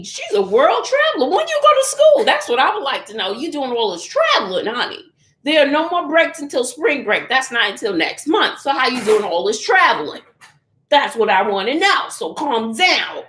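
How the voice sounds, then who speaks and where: A woman's voice: fairly high pitch, fairly bright tone, echoey room, a little hiss or hum. A middle-aged woman, chatting casually with viewers live from home, laughing often and calling them honey and child. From Texas. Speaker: channel host doing a live chat. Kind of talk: casual livestream chat. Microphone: phone or computer.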